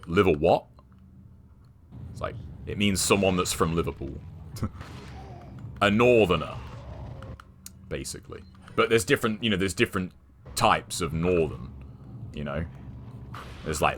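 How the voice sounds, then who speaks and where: Low-voiced guy rambling over gameplay. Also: moderate pace, long pauses, pushed and bright, a little hiss or hum. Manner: rambling, chatty, swears at the game. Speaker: streamer. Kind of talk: casual gameplay commentary. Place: home gaming setup with two monitors.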